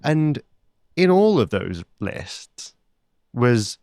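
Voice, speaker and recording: A man co-hosting a travel podcast, telling stories in a relaxed, chatty way. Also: medium pitch, very slow, no room sound, clean studio sound. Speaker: podcast co-host. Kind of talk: casual chat.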